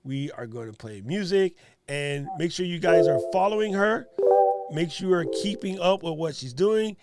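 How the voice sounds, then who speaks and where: Joking, animated man hosting a livestream. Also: fairly high pitch, moderate pace, faint music behind. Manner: joking, animated, laughs often. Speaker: livestream host. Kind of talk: casual livestream chat.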